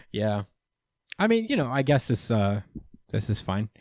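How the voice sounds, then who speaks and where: A man's voice: medium pitch, big pitch swings, slow, darkish tone, no room sound, studio quality. A man hosting a casual podcast, recapping with lots of fillers and acted-out quotes. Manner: rambling recap, many fillers, acts out quotes. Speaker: podcast host.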